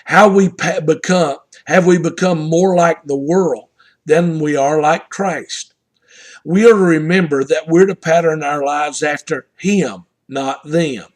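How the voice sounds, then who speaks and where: A man's voice: a little high, a little slow. An older man with a Southern US accent, telling a family story and drawing a devotional lesson from it in an earnest, homespun way. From Southern United States. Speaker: pastor. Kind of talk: devotional message.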